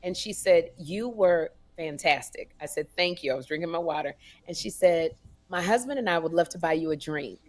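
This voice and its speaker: Animated woman telling a comic story. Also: lowish voice, normal speed. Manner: animated storyteller acting out voices. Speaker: co-host. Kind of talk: casual comedic chat.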